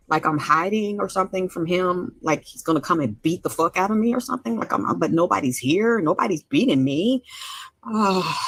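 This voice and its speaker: A woman's voice: on the low side, husky, no echo. Shaky-voiced woman, rambling anxiously. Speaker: live-stream host. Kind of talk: emotional live-stream monologue. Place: at home by the stove.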